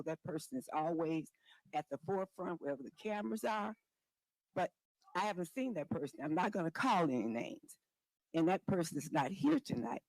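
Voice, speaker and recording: Man at public comment, slightly high voice, measured and pointed, dry close sound. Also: darkish tone, no echo, poor audio. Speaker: resident speaking at public comment. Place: village board meeting room.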